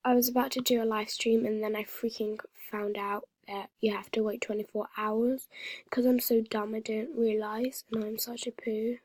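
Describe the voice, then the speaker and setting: A woman's voice: on the high side, little pitch movement, normal speed, darkish tone, no room sound. A woman chatting casually over a gaming video, dramatic and teasing, often dropping into a half-whisper. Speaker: vlogger. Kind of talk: casual gaming vlog commentary.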